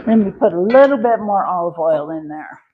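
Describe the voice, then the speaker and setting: A woman's voice: on the low side, lively intonation, fairly quick, phone-quality sound. A woman hosting a cooking livestream, chatting casually and answering viewer comments with folksy sayings and many fillers. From Wyoming. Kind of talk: casual live-stream chat while cooking.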